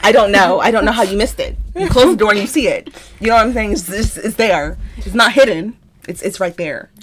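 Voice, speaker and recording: A young adult woman hosting a podcast tells a story in a casual, animated way, swearing freely and acting out what people said. Her voice sits in the mid range, and she talks fairly quickly.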